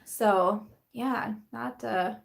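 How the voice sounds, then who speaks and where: A woman's voice: on the high side, fairly even intonation, drawn-out words, creaky. A young adult woman chatting casually on a live stream from home, rambling and tired, with fillers and restarts. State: tired, yawning. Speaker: beauty vlogger hosting a live chat.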